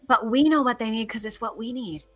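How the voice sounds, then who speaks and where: A woman with a bright, slightly high voice talks about grief in an earnest, encouraging way. She speaks as a podcast guest giving practical advice. Soft music plays faintly behind her. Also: brisk. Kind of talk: conversational advice.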